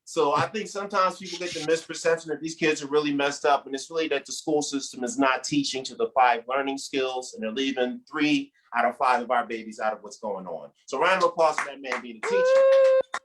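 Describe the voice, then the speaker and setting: A man's voice: medium pitch, brisk, rough recording. A man emcees a comedy show. He talks loosely and with energy, hyping up the crowd and introducing each act. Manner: loose, animated, hypes up the crowd.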